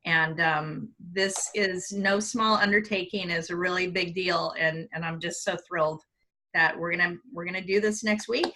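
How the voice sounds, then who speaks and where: A woman co-hosting a live virtual sales event over a video call, thankful and excited. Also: lowish voice, moderate pace, a little hiss or hum, low-quality recording. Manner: gushing, thankful. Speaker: co-host, president of a sales group. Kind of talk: excited live webinar chat.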